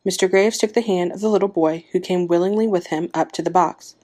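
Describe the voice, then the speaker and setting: A woman's voice: lowish voice, fairly even intonation, fairly quick, mellow. A woman narrating a short story, reading aloud and giving the characters' lines small shifts of voice.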